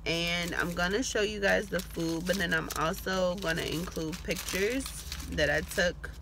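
A woman's voice: on the low side, fairly even intonation, measured pace, noisy background. A woman hosting a casual eat-with-me vlog from inside her car, still sick with the flu, chatty with joking asides. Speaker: vlogger.

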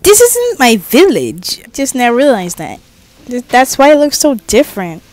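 A woman's voice: fairly high pitch, wildly swooping pitch, unhurried, a little mellow. A woman giving casual, jokey commentary while playing a game, chatting to herself and swearing now and then. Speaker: gaming vlogger.

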